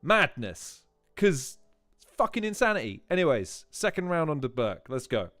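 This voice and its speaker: A man's voice: fairly high pitch, big pitch swings, moderate pace, a bit bright, dry recording, studio quality, soft background music. A man hosting a livestream, chatting and laughing as he reacts to battle rap clips and repeats lines for effect. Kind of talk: casual livestream commentary.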